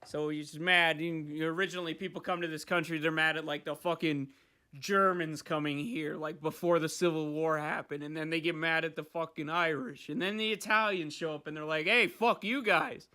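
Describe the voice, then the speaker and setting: Young guy podcast host, swears a lot, rambly, high-pitched and sharp. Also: fairly quick, smooth. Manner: rambling, profane, animated. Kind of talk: casual chat.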